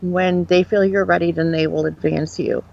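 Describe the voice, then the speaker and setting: A woman's voice: fairly low pitch, little pitch movement, moderate pace, gravelly. A woman from Upstate New York, a guest psychic medium, rambling frankly and animatedly through her experiences in a casual interview. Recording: dull lo-fi sound.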